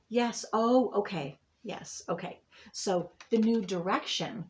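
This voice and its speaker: Woman doing her monthly reading, rambly, lots of ums, soothing, medium pitch. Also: normal speed, darkish tone, slight background noise. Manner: meandering, rambling with many fillers and restarts. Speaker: astrology and tarot reader. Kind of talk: monthly intuitive reading to viewers.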